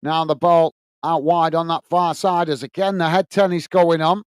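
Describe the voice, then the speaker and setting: Man, from England, fan watch-along host, high voice, crisp and dry close sound, chatty, reads viewer comments. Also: little pitch movement, moderate pace, dry recording. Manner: chatty, reads out viewer comments, partisan for his own team. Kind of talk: live fan commentary and chat reading.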